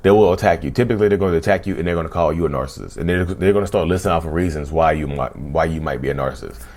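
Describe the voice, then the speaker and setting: Talking to camera on his own channel, this host keeps things casual, circles back over the same points, and leans on "y'all" often. He speaks at a racing pace in a very deep, darkish voice.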